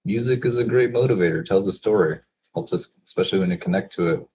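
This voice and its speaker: A man in a casual solo work session, thinking aloud and reading quotes slowly, chuckling to himself now and then. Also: deep voice, a little mellow, a little hiss or hum. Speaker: business consultant reading daily quotes.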